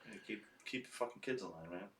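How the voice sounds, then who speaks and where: A man's voice: fairly low pitch, fast talker, fairly bright tone. A man hosting a podcast, chatting casually and bluntly, mostly chiming in with short replies. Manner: brief affirming responses, blunt swearing. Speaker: podcast host. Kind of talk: casual interview chat. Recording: echoey room.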